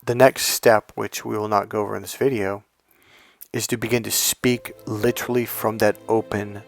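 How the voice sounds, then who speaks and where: Male dating coach, gravelly tone, emphatic delivery that swings from loud and punchy to slow and hushed. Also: fairly low pitch, fairly even intonation, faint music behind. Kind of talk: coaching monologue.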